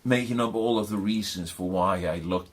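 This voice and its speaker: Low-voiced man in crude podcast banter. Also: moderate pace. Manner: crude, joking, laughs often. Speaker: podcast co-host. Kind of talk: casual chat.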